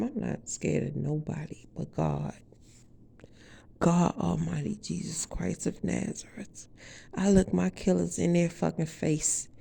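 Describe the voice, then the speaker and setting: A woman's voice: lowish voice, gravelly, mellow. A woman giving an emphatic, profane spiritual testimony straight to her viewers in a casual vlog.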